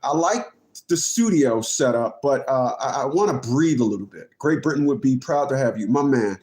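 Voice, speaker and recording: A man's voice: medium pitch, lively intonation, moderate pace, a little mellow, echoey room. A man hosting a casual livestream from his living room, jokey and rambling, putting on a fake British accent as a gag. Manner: jokey, rambling, repeats himself. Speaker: livestream host.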